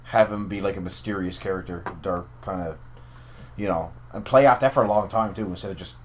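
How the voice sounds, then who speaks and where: A man co-hosting a podcast, talking in an animated, profane way with emphatic asides. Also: deep voice, brisk. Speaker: podcast co-host. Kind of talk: casual wrestling chat.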